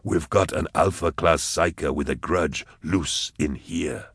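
Guy doing a sneery hothead boss, deep voice, calls everyone an idiot. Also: measured pace, fairly bright tone, breathy edge, no echo, studio quality, exaggerated voice. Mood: contemptuous. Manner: snapping, contemptuous. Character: hulking male mobster, sneering, short-tempered.

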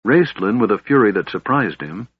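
A man narrating a fantasy novel in a measured, even storytelling voice. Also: lowish voice, husky. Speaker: audiobook narrator. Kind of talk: scripted narration. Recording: slightly dull, dry recording.

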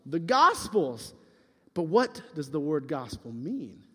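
A man's voice: a little high, big pitch swings, slow, a bit bright, slightly rough. A young man giving a playful youth sermon as pastor, teasing and quizzing his listeners. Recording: reverberant hall.

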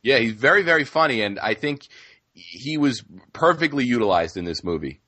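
A man co-hosting a podcast in casual film discussion, talking in halting starts and restarts. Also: mid-range voice, big pitch swings, sharp tone, slightly rough, dry recording. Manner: halting, many restarts and fillers. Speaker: podcast co-host.

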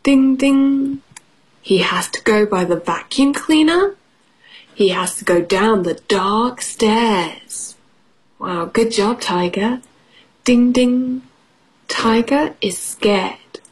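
A woman's voice: medium pitch, lively intonation, takes it slowly, husky. A woman teaching English on the radio, reading a children's storybook playfully, with sound effects and questions for the children.

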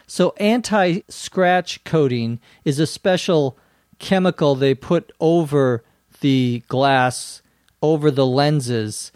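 Slow, patient man with a Minnesota accent. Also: on the high side, a little mellow, no room sound, clean studio sound. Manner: patient, spells words out. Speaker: English teacher and podcast host. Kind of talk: slow explanatory lesson.

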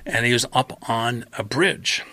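A man guest on a podcast telling a long story in casual chat, acting out his own past lines with lively quoted voices. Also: mid-range voice, a little slow, no room sound.

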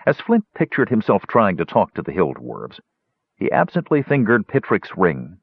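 A man with a low, husky voice narrates a fantasy audiobook, his pitch moving a lot as he tells the story. The recording sounds dull and bone-dry. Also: huge pitch swings, moderate pace, no room sound.

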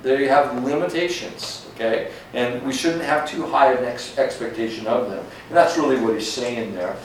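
A man's voice: medium pitch, moderate pace. Man, pastor, conversational sermon, echoey room, distant mic. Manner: conversational, frequent "okay?" and "right?" check-ins. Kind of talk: verse-by-verse sermon. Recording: echoey room from far off, faint noise.

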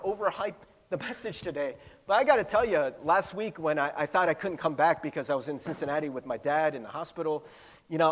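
Chatty higher-voiced pastor in a reverberant hall. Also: male voice. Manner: chatty, self-deprecating, with fillers and asides. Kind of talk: casual sermon. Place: church sanctuary.

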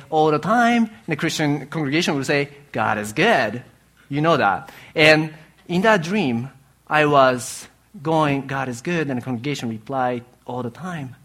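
Earnest halting male preacher. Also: mid-range voice, fairly bright tone. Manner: earnest, halting speech with restarts and pauses. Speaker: pastor. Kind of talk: sermon.

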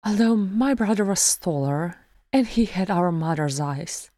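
A woman reading aloud, voicing a grave and poised dwarf noblewoman who speaks with quiet dignity. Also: lowish voice, expressive, unhurried, no echo, pitched above the performer's own voice. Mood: wistful. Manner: poised, stately.

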